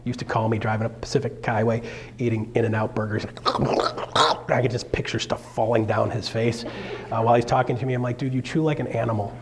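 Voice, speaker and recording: A man coaching real estate agents in a live seminar, animated and joking, often checking in with the room with quick questions. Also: fairly low pitch, noisy background.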